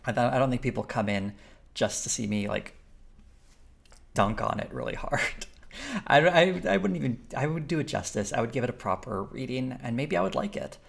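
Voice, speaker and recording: A man's voice: medium pitch, brisk, gravelly. A man hosting a live stream, chatting casually and thinking aloud as he reads viewer comments. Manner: rambling, thinks aloud, with fillers and restarts while reading chat.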